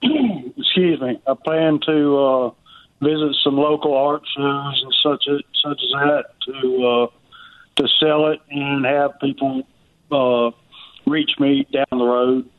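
An older man, from Alabama, calling into a radio show and speaking in a hesitant, halting way. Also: mid-range voice. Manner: hesitant, halting, many pauses. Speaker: caller. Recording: tinny phone line.

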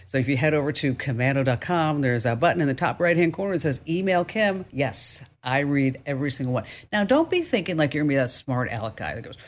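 A woman's voice: low voice, animated, fast talker, few pauses. A woman hosting a call-in radio show, chatty and joking about herself with callers.

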